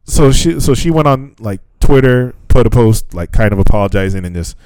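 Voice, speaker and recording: A man's voice: mid-range voice, lively intonation, moderate pace, darkish tone, smooth, no room sound. Casual profane podcast guy. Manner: loose, profane, laughs often. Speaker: podcast co-host. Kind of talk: casual chat.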